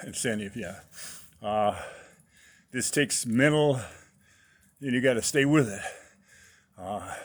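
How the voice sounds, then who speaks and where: A slightly out-of-breath man talking casually to camera about his workout, rambling with many fillers. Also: fairly low pitch. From United States. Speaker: fitness vlogger.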